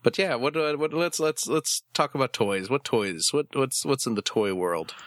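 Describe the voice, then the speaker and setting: A man's voice: mid-range voice, normal speed, fairly bright tone, dry recording, clean studio sound. A tired man co-hosting a casual podcast chat, joking and repeating words as he rambles. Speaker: podcast co-host.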